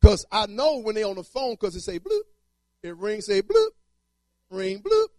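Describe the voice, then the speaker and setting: Male preacher, very high voice, repetitive rhythmic delivery, dry close sound. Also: wildly swooping pitch, normal speed, darkish tone, no room sound. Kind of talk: sermon.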